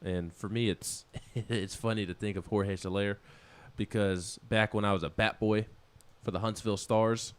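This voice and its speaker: Low-voiced man rambling on sports radio. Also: steady tone, moderate pace, few pauses, clean tone. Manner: rambling, many restarts, laughs at himself. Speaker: co-host of a sports talk show. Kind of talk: casual sports talk. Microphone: studio microphone.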